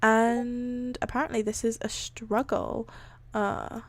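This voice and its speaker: A woman's voice: a little high, little pitch movement, slow pace, dry recording. A woman streaming live, reading fan fiction aloud between casual chat. She swears freely and makes self-deprecating asides. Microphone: streaming setup.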